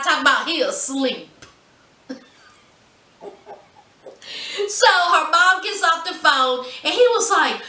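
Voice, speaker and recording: Sassy high bright-voiced woman recapping. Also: recorded from a distance. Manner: sassy, gossipy storytelling with drawled asides. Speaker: reality TV recap vlogger. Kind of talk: casual episode recap. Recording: echoey room, mic set back.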